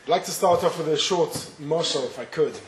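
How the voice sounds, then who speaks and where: A rabbi telling a parable and giving a spoken Torah lesson, with small hesitations. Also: male voice, a little high, fairly quick. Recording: roomy echo, faint noise.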